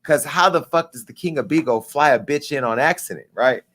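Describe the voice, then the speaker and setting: A man in his forties hosting a live talk show, telling a story in a casual, profane way and acting out the dialogue with lively jumps in pitch. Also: brisk. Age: 40s. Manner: animated, acts out quoted dialogue with pitch jumps.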